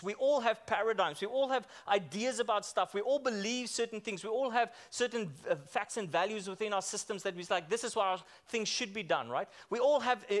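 A man preaching a church sermon in a conversational way, often asking the congregation questions and repeating himself as he restarts. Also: high-pitched. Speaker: pastor.

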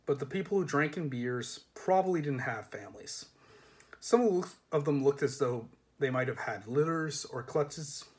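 A man's voice: medium pitch, expressive, normal speed. Man reading a novel aloud. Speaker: reader.

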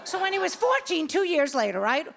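Here a woman in her sixties works a stand-up set, full of brash, animated tales where she acts out each voice. Her pitch is very high, her delivery a little fast, and her tone gravelly.

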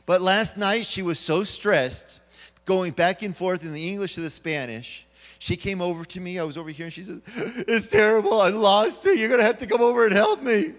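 A male pastor preaches a sermon in a church sanctuary, telling stories and acting out the voices of the people in them. His voice is fairly high and a bit bright, with a big-room sound.

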